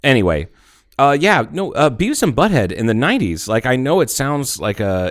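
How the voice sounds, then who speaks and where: A man co-hosting a podcast in casual, joking banter, laughing often and jumping into high-pitched bits. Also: very animated, moderate pace, dry recording, studio quality. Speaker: podcast co-host.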